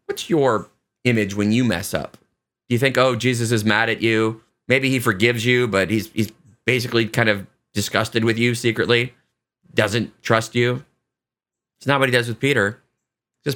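Bright-voiced man giving a casual homily. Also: mid-range voice. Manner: casual, animated retelling with quick voiced asides.

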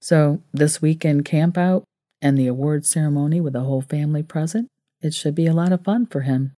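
A steady, comforting man, voiced by a woman narrator in her low, mellow register. He talks calmly and gently, in a dry recording. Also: fairly quick, dry recording, close to an everyday voice. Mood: gentle. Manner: calm, reassuring.

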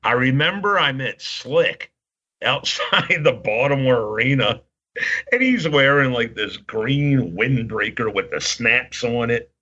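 Husky, rambling male storyteller. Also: medium pitch, animated, a little slow, sharp tone. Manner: rambling storyteller, many restarts and fillers. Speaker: podcast co-host. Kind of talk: casual chat. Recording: dull lo-fi audio.

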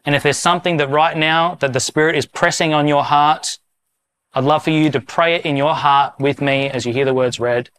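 Male pastor, slightly higher voice, smooth and resonant; casual sermon that moves into a slow, solemn led prayer. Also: fairly even intonation, a bit bright. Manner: casual, self-deprecating preaching; slow, solemn liturgical reading.

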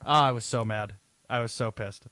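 A man's voice: mid-range voice, moderate pace, pushed and bright, dry recording. A man co-hosting a casual talk show, telling a rambling and profane story with plenty of exasperation. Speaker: co-host. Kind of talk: casual podcast chat.

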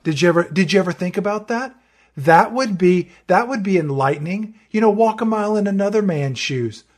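A man's voice: high-pitched, animated, fairly quick. A man co-hosting a casual movie-review podcast, full of wry, sarcastic asides. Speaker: podcast co-host.

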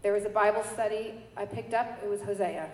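A woman from New York giving a personal faith testimony, telling her story with animated quoted voices. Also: mid-range voice, fairly quick. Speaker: testimony speaker. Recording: echoey hall with light noise.

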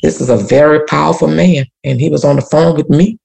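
A woman's voice: low-pitched, fairly even intonation, a little fast, vocal fry, dark tone. A woman telling an emotional personal story as a guest, repeating herself and speaking of prayer. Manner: emotional, repetitive, church-rooted testimony. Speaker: community activist guest.

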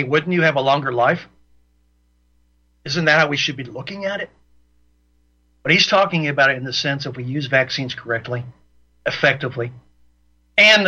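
Radio host, man, high and piercing voice, heated and repetitive, dull broadcast sound. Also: bright, forceful tone. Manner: ranting, repeats himself for emphasis. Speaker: radio talk show host. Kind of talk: opinionated radio monologue.

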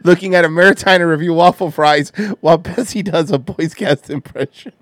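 A man's voice: fairly high pitch, fairly even intonation, normal speed, a bit bright, dry recording. A man hosting a podcast in loose, laughing, profane banter. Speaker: podcast host. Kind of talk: casual chat.

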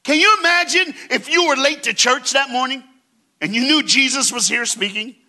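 A man with a high, ringing voice preaches from a church stage, telling a story with big drama. He drops to a hush and then climbs to shouting, and keeps drawing the congregation into call-and-response. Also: normal speed. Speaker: guest preacher. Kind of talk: sermon.

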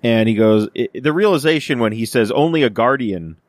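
A man's voice: medium pitch, lively intonation, fairly quick, no echo, studio quality. Rambling male podcast co-host. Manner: rambling, many fillers and restarts, acts out quoted lines. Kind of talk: casual chat reviewing a TV episode.

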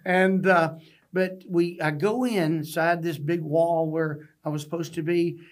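A man's voice: on the high side, steady tone, unhurried. A man from Texas, a podcast guest telling stories in an earnest, folksy way. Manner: earnest, folksy storytelling with restarts. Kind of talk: storytelling interview. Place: podcast studio.

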